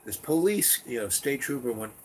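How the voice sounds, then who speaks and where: A man's voice: medium pitch, big pitch swings, moderate pace, a little hiss or hum. A man telling a long personal story in a meandering, chatty way, full of fillers and restarts. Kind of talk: rambling personal anecdote.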